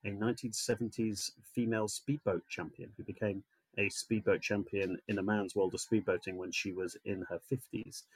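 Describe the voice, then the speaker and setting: A man's voice: fairly low pitch, steady tone, moderate pace, breathy edge, no echo, low-quality recording. Chatty jokey man, dry sound. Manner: chatty, jokey, lots of fillers. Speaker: podcast guest, actor and writer. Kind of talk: casual chat.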